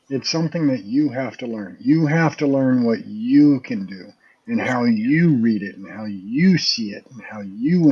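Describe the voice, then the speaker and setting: Husky guy rambling thru paranormal stories, mid pitch, kinda dull lo-fi sound. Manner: rambling anecdotes, acts out quoted voices. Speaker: paranormal show guest. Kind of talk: casual storytelling.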